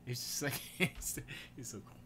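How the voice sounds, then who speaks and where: A man hosting his own podcast, chatting casually and rambling in a slangy, animated storytelling way. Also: measured pace, a little hiss or hum. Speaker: podcast host.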